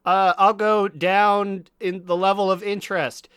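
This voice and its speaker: A man's voice: high-pitched, little pitch movement, measured pace, fairly bright tone, smooth, dry recording, clean studio sound. Wry, riffing male podcast host. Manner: wry, riffing, laughs often. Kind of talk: casual gaming podcast chat.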